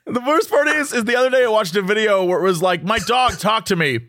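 A man's voice: high-pitched, quick pace, a bit bright, no echo. A man co-hosting a podcast, bantering with dry sarcasm in casual chat. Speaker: podcast co-host.

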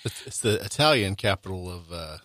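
Low-voiced man, lively, dry joker. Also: fairly quick, dry recording. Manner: dry joking responses. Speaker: podcast co-host. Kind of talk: casual chat.

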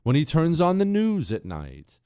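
A man hosting a political talk show, telling stories in an animated way and mimicking people in high voices. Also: measured pace, clean tone, no room sound, clean studio sound. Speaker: radio talk show host.

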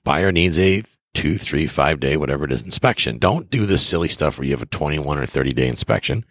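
A middle-aged man with a very deep, husky voice talks through casual advice as a podcast host. He is enthusiastic and emphatic, and his pitch swings widely as he acts out little conversations. The sound is dry and close. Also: expressive, brisk, fairly bright tone, dry recording. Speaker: real estate investor and podcast host.

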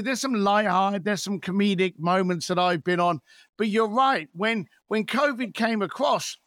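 A man's voice: high-pitched, sharp tone, no room sound, studio quality. A man in his fifties, a podcast guest telling stories in a blunt, swearing, rant-like way. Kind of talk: podcast interview.

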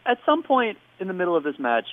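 A man tells a wrestling story in casual podcast chat, and his pitch swings widely. He slips into playful impressions. The sound is dry but dull and lo-fi. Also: huge pitch swings, fast, no echo. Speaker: podcast co-host recapping wrestling.

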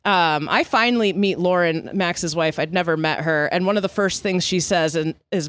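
A young woman co-hosting a podcast, telling a story in a casual, animated way, laughing often and acting out the people she quotes. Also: lowish voice, moderate pace, few pauses, dry recording. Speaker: podcast co-host.

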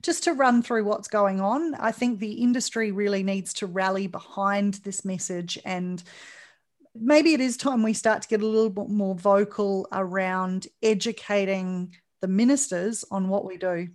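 A woman's voice: mid-range voice, moderate pace, darkish tone. A woman with a New Zealand accent hosting a podcast in a casual, upbeat chat. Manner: upbeat, chatty, introduces guests. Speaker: podcast host.

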